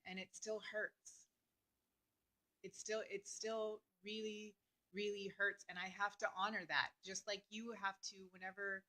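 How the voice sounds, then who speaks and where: A woman vlogger talking earnestly and openly about her feelings, with many fillers and pauses. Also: medium pitch, sharp tone, poor audio. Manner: earnest, heartfelt, talks through emotion with many fillers. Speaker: astrology vlogger. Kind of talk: personal reflective talk to camera.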